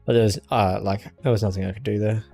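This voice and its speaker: A young man streaming a game and chatting casually with viewers in a relaxed, easygoing way. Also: on the low side, fast, creaky, soft background music. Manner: relaxed, chatty, answers chat with small laughs. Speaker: gaming streamer.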